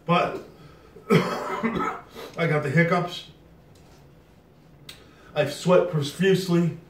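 A man's voice: fairly high pitch, fairly even intonation, very slow, roomy sound, recorded from a distance, a little hiss or hum. A man vlogging a food challenge to camera, breathless and strained from the heat, bragging between sighs. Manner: strained and breathless after eating hot food, boastful. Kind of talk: casual talk to camera.

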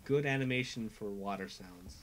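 A man's voice: fairly low pitch, moderate pace, a little hiss or hum. A man hosting a casual let's play, commenting on the game in an exasperated way and swearing freely.

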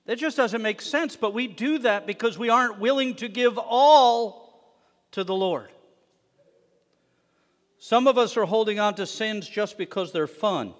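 Guy preaching, high voice, goes loud then hushed, long echo off the sanctuary walls. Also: measured pace. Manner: animated, swinging from loud emphatic to hushed. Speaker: congregation leader preaching. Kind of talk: sermon. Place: synagogue sanctuary. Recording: long reverb of a worship hall.

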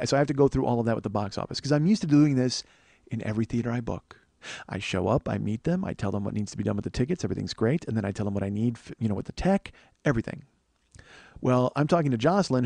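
A man in his forties hosting a comedy podcast, telling stories in an animated, profane, ranting way. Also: mid-range voice, gravelly, no echo. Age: 40s. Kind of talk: comic storytelling monologue.

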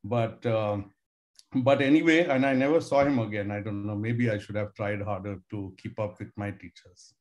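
Speaking in a lowish, darkish, steady voice at normal speed, an Indian professor in his sixties gives a storytelling lecture to students. His manner is conversational and reflective, full of hedging fillers.

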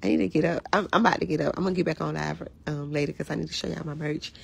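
A woman with a hoarse, raspy voice, chatting casually to viewers on a phone livestream in a candid, profane, rambling way. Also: low-pitched, steady tone, racing, a little mellow. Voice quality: raspy, gravelly voice.

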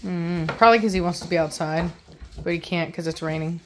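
A woman's voice: lowish voice, fairly quick, a little hiss or hum. A woman hosting a casual vlog about her puppies, chatting and slipping into cooing baby talk at them. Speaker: dog breeder and channel host.

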